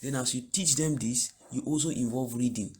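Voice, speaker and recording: A man teaching reading and phonics to other teachers, explaining step by step and slowly repeating example words and sentences. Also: medium pitch, breathy edge. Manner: explanatory, asks "do you get it?". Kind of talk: spoken lesson for teachers.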